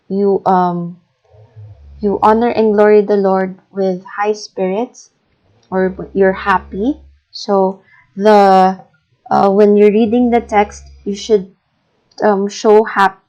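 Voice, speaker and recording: A Filipino woman teacher talks through a recorded lesson at an unhurried pace, patient and deliberate, saying example phrases slowly. Her voice is mellow, and the recording is dull and lo-fi. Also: medium pitch. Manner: patient and deliberate, many fillers, models phrases aloud slowly. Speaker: English teacher.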